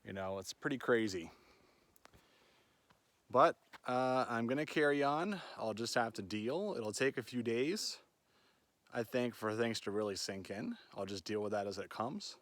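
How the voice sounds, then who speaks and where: Speaking at medium pitch and an unhurried pace, a man narrates a casual vlog while backpacking alone on a backcountry trail, phone in hand. The tone is fairly bright and the recording dry; he rambles chattily and tends to close with "right?".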